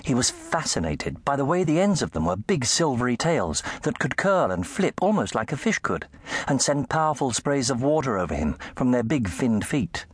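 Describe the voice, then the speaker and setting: Male storyteller, lively pitch, dry close studio sound, for a children's book. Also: normal speed, breathy edge, dry recording. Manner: animated storytelling, shifting pitch for effect. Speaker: audiobook narrator. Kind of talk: scripted narration.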